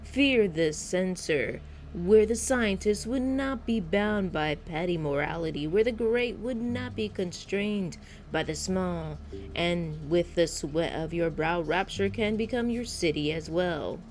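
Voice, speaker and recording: A woman's voice: on the low side, a little slow, darkish tone, close to an everyday voice. A woman reading a commanding male city founder's grand speech, declaiming with emphasis over game music. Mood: proud, defiant.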